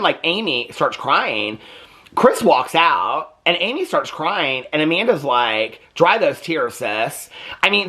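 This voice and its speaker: A man's voice: a little high, bright, forceful tone. A man hosting a chatty, opinionated recap of a reality TV show, full of "like" fillers. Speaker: TV recap host. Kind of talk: casual reality TV commentary.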